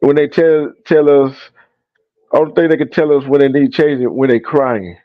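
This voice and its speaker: A man hosting a live stream, speaking haltingly with many pauses and fillers. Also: on the high side, no echo, narrow, tinny audio. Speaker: host. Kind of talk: casual live-stream talk.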